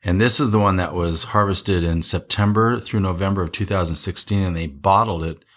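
Low raspy guy chatting casually about wine, lots of ums and laughs. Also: fairly even intonation, a little fast, fairly bright tone. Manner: chatty, laughing, rambling with fillers. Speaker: wine show host. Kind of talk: casual wine tasting chat.

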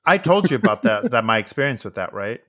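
A man's voice: mid-range voice, quick pace. A man co-hosting a podcast, chatting casually and swearing freely as he animatedly retells a film scene. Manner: profane, animated storytelling with put-on quoted voices. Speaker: podcast co-host. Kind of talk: casual chat recapping a film.

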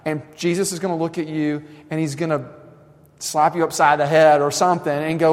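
Impassioned preacher in a reverberant hall. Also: male voice, a little high, moderate pace. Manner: impassioned, swings from loud to soft. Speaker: campus minister. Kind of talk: sermon.

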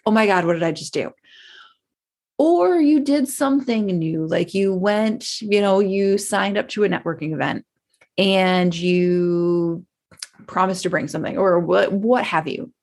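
A woman business coach giving a casual motivational talk, chatty and animated, acting out the anxious voices in people's heads. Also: mid-range voice, vocal fry.

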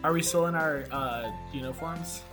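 A man joining a tabletop role-play session, excitable and joking. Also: a little high, normal speed, over music. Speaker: player. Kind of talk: casual tabletop banter.

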